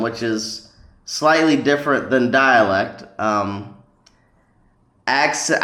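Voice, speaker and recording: A man's voice: mid-range voice, fairly bright tone, reverberant. A man talking casually to camera about learning languages, rambling with many ums and restarts. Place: lives in a city in northern China.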